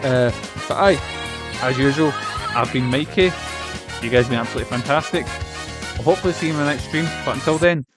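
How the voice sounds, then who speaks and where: Brief: streamer, mid-pitched, loose rambling chat, swears, music bed underneath. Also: male voice, fast talker, long pauses. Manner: rambling, chatty, swears, many fillers. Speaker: game streamer. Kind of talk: casual live-stream chat. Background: game music.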